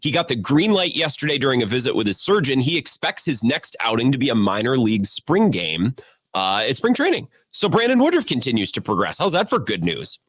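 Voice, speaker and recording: Male co-host with a dry, teasing delivery, lively intonation, close dry mic. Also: medium pitch, fairly quick, dry recording. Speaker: radio co-host. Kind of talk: casual radio banter. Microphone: studio microphone.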